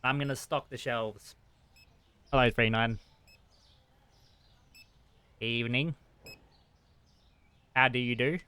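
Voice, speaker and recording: A young man commentates his game live, flustered and talking back to in-game customers. His voice is bright and forward, with a crisp, clear tone. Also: medium pitch, fairly even intonation, slow, long pauses. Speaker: streamer. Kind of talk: live-streamed gameplay commentary.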